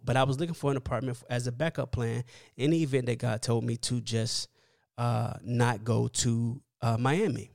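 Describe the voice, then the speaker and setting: A man's voice: medium pitch, gravelly, darkish tone, no room sound, clean studio sound. A man who is a minister, giving a video devotional message in a testifying, preachy manner and often asking listeners if they hear him. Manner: preachy, testimonial, asks listeners "hear what I'm saying".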